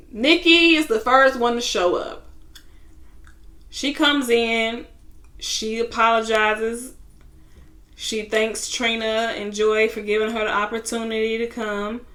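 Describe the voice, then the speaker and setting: A young woman in a casual vlog, retelling a reality show episode with lively, slangy asides. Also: fairly high pitch, slow pace, pauses often. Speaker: TV show reviewer.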